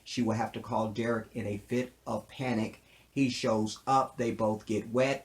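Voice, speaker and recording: A man's voice: on the low side, fairly quick. Joking man recapping a TV show. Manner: joking, animated, keeps saying "see what I'm saying". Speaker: TV show reviewer. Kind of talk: casual recap commentary.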